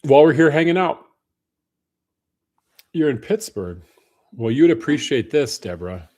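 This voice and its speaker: A man's voice: on the high side, very animated, unhurried, darkish tone. A man hosting a casual live stream Q&A, greeting viewers by name in a friendly way. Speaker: livestream host.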